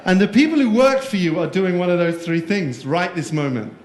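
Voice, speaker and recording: A man's voice: high-pitched, lively intonation, fairly quick, a little mellow, slight background noise. Playful man speaking in an echoey room. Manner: playful, jokey, quizzes the audience. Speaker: keynote speaker. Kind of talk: conference keynote talk. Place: conference room before a live audience.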